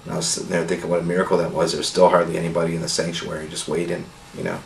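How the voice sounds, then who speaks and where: A middle-aged man telling his healing testimony in a casual, earnest, rambling way, full of "you know" and soft laughs. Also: deep voice, flat delivery, very fast, vocal fry. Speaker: testimony speaker. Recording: echoey room with faint noise.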